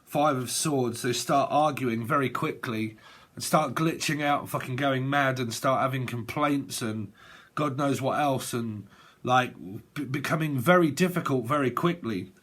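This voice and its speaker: A man's voice: medium pitch, a little slow, fairly bright tone. A man giving a casual tarot reading, rambling and swearing, often breaking into laughter. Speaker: tarot reader.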